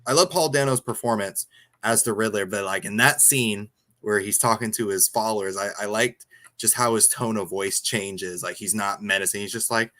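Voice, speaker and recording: A man's voice: on the low side, moderate pace, sharp tone. A man co-hosting a casual podcast chat, talking hesitantly and acting out quotes. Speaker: podcast co-host.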